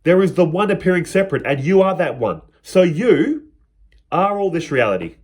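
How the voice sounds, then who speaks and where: A man's voice: high-pitched, very animated, moderate pace, husky. A man teaching on spirituality in a reflective, spoken style, retelling a parable and slipping into the characters' quoted lines.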